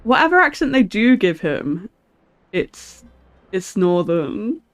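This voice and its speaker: A woman's voice: mid-range voice, big pitch swings, slow pace. A woman streamer chatting casually with her viewers, giggling often and answering their questions. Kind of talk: casual live-stream chat. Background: faint music.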